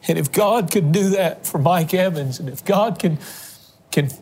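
A man's voice: sits high, moderate pace, a little mellow, a little hiss or hum. A man hosting a religious television program, making an earnest, emotional fundraising appeal to viewers. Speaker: television ministry host. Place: on location.

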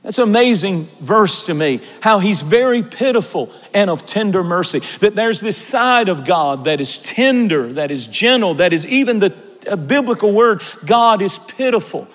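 High-voiced preacher in a reverberant hall. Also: male voice, lively intonation, normal speed. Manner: dramatic swings from soft hush to shouted emphasis. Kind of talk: sermon.

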